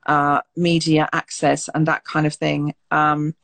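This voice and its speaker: A woman's voice: deep voice, level tone, unhurried, vocal fry, fairly bright tone. A woman hosting an interview, asking long, rambling questions that she corrects as she goes. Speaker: podcast host. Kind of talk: interview chat.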